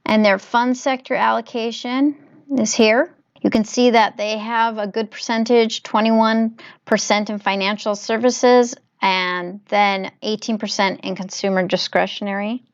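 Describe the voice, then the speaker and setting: A woman hosting her own investing channel, narrating a screen-capture walkthrough in a measured, explanatory way. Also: medium pitch, fairly even intonation, smooth, dry recording, highs cut off. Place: home desk, voice recorded on laptop.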